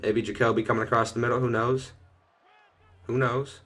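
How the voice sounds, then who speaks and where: A young man casually commenting on his own gameplay from his bedroom, chatting through each play and getting loud and excited when things go well. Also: mid-range voice, moderate pace, slightly rough. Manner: excitable, shouts and laughs at big plays. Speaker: gaming video host. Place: bedroom at home.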